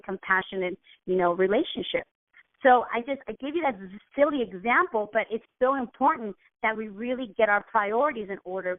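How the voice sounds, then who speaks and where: A woman giving a casual motivational talk, earnest and rambling, often restarting her sentences. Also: on the high side. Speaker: motivational coach. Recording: tinny phone line.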